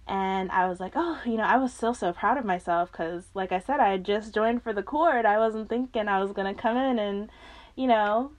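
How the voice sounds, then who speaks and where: A woman in her twenties hosts a podcast and tells a personal story, medium-pitched and at a moderate pace. She's casual and animated, laughing often and acting out what other people said.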